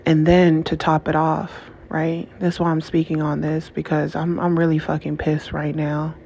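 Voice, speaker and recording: A woman's voice: deep voice, completely flat delivery, moderate pace, vocal fry, warm tone. A woman talking straight to her audience in an angry, emotional monologue, often stopping and restarting her sentences. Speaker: channel host. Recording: dull lo-fi audio with faint hiss.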